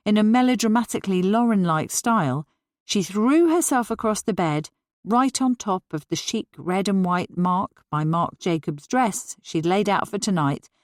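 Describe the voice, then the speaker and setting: A woman narrating a novel as an audiobook in an even, measured way. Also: lowish voice, no room sound, studio quality. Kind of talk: scripted narration.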